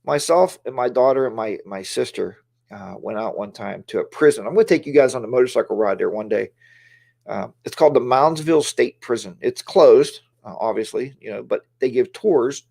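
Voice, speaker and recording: A man's voice: medium pitch, moderate pace, vocal fry, darkish tone. A man hosting a casual livestream, talking in a rambling, chatty way and greeting viewers by name, on a lapel mic in a home studio. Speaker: livestream host.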